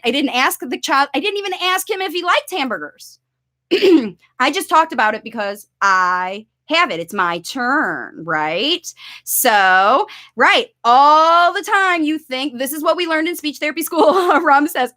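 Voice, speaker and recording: A woman coaching parents in an instructional video, talking them through a play demonstration and acting out excited voices for a child. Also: high voice, a little slow.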